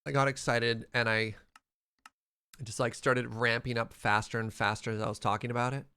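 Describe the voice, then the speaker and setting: A young man from Western Canada chatting casually while streaming a game, quick to laugh and reading out chat. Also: mid-range voice, flat delivery, pushed and bright, clean tone. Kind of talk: casual gameplay livestream chat.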